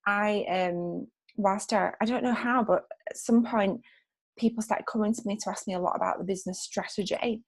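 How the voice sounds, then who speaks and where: A woman hosting a relaxed interview, talking with warm enthusiasm. Her voice has a gravelly edge and a husky, breathy tone. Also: medium pitch, normal speed. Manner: enthusiastic, agreeing, "like" fillers. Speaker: interview host. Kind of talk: casual conversation.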